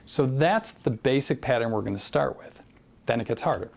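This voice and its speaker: A man teaching a drum exercise in a relaxed way, talking it through with many fillers and counting beats aloud. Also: medium pitch, normal speed, vocal fry, noisy background. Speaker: drum instructor. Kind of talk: casual drum lesson with counting.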